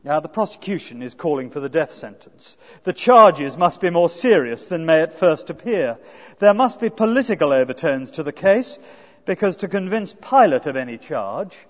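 High-voiced preacher man in a hall. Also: expressive, moderate pace. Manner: earnest, asks rhetorical tag questions. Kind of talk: expository sermon. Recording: dull lo-fi sound with long hall reverb.

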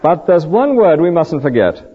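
A man's voice: on the high side, big pitch swings, moderate pace, husky, long reverb tail, narrow, tinny audio. A man preaching a sermon, earnest and full of rhetorical questions and vivid stories.

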